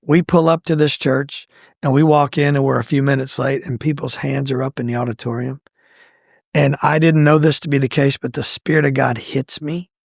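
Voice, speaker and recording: Gravelly man telling a story. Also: moderate pace, dry recording, clean studio sound. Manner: animated, acts out quoted lines with pitch jumps. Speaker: guest telling his testimony. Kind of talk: conversational storytelling.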